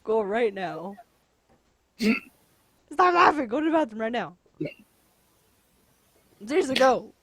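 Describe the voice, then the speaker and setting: A woman's voice: a little high, very animated, slow, long pauses, fairly bright tone, breathy edge, no echo. A woman hosting a casual chat with a friend, giggling constantly and teasing him in a bossy way, from her room at home. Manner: giggly, breaks into laughing fits, bossy teasing. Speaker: channel host. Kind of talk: casual chat over voice call.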